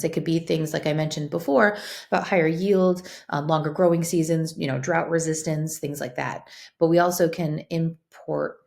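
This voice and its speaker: A woman teacher giving a quick, chatty recorded science lesson, with lots of ums and likes. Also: low voice, gravelly, darkish tone.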